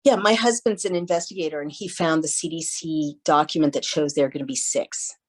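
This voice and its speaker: A woman speaks in a low, full voice as a podcast guest. She tells her stories animatedly and briefly plays the people she quotes. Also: fairly quick, rough recording. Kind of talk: casual interview conversation.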